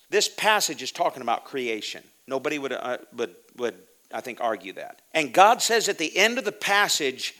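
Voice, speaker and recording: A man delivers a fiery sermon in a bright, forceful voice. He reads scripture slowly, then swings between shouted emphasis and a quiet, low hush. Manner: shouting bursts and sudden drops to a low hush. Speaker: preacher.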